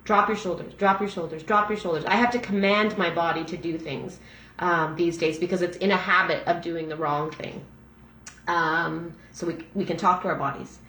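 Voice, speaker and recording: A middle-aged woman, a massage therapist, giving a reflective talk on a daily reading, speaking gently with frequent restarts and fillers. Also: lowish voice, fairly even intonation, moderate pace, reverberant. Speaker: massage therapist and breathwork facilitator.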